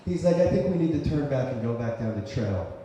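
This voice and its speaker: A man telling a personal story live on stage, conversational and full of fillers and restarts, bursting into loud shouts when he voices his own thoughts. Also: medium pitch, expressive, fairly quick. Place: cultural center stage before an audience. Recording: very echoey hall, faint noise.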